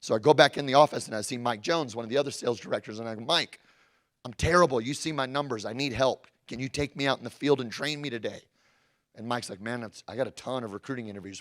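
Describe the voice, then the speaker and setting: A man tells a story from his own working life. He is animated and jumps in and out of the voices of the people he quotes. His voice sits at an ordinary middle pitch for a man. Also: quick pace. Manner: animated, acts out quoted dialogue. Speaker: storyteller recounting his sales career. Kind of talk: energetic personal storytelling.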